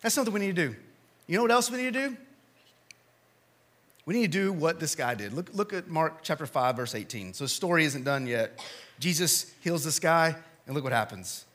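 A male pastor preaching a sermon in a church, telling stories with big swings from shouting to quiet appeals. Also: fairly high pitch, lively intonation, fairly quick.

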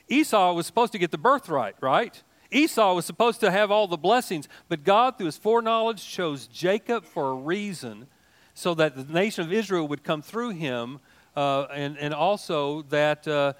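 An older man preaching a sermon in a folksy, animated way, mixing asides and jokes into his teaching. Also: sits high. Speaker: pastor.

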